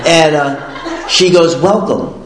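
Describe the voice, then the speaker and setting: A man shares his story casually, rambling and animated, with constant fillers and quick laughs. His voice sits at a middle pitch and carries an echoey room sound. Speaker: speaker sharing his recovery story.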